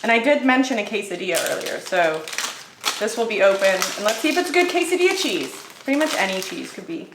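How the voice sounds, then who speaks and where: A woman's voice: medium pitch, sing-song, noisy background. Chatty woman in an echoey kitchen. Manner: chatty, upbeat, quick with fillers. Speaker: vlogger reviewing grocery finds. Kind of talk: casual haul review.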